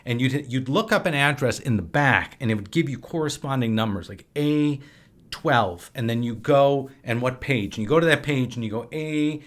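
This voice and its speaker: A man's voice: medium pitch, normal speed, fairly bright tone. A man in his late forties from Wisconsin, a guest telling rambling anecdotes in casual conversation. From Wisconsin, USA. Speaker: podcast guest, filmmaker and actor. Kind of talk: casual storytelling.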